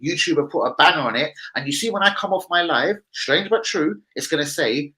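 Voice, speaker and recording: A man's voice: a little high, expressive, fairly quick, hardly any pauses, sharp tone, rough recording. A man hosting a live football chat stream, chatty and slangy, talking straight to his co-host. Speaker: livestream football show host.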